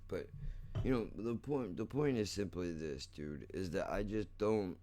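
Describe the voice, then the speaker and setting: A man's voice: deep voice, animated, a little slow, warm tone. A young man hosting a casual solo podcast, rambling and self-mocking, swearing often and calling the listener "dude.". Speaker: podcast host.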